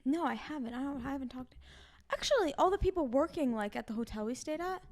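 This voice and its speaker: Teen girl on a podcast, says like constantly, kinda high voice. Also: lively intonation, darkish tone. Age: teens. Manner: fast, filler-heavy teen talk with lots of 'like'. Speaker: podcast co-host. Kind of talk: casual chat.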